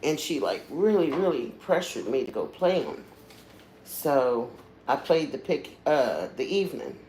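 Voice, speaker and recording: A woman's voice: very deep voice, big pitch swings, a little slow, warm tone, slight background noise. A woman hosting a livestream, telling stories in a candid, earthy way with frequent swearing and trailing asides. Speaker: livestream host. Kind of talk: casual storytelling chat.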